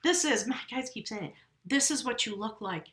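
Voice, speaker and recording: Bright-voiced woman giving a tarot reading. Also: fairly high pitch, lively intonation, normal speed. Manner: effusive, rambling, spiritual; talks directly to viewers, often self-correcting. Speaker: tarot reader. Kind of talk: casual spoken tarot reading.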